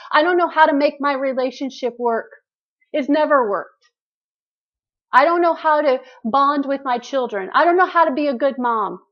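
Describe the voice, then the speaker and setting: A woman with a fairly high voice delivers an earnest, preachy pep talk to listeners on a group call. Her voice comes through muffled, lo-fi call audio. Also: moderate pace. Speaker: motivational call host.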